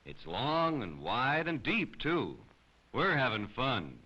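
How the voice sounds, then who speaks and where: Brief: eager storybook boy, voiced by a man, bright tone, dull recording. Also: mid-range voice, huge pitch swings, slow pace, breathy edge, exaggerated voice. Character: eager friendly neighborhood boy.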